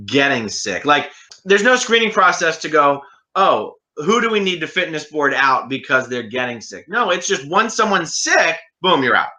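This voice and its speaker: A man's voice: fairly high pitch, pushed and bright. A man hosting a casual conversation, giving reflective, analytical commentary. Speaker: host.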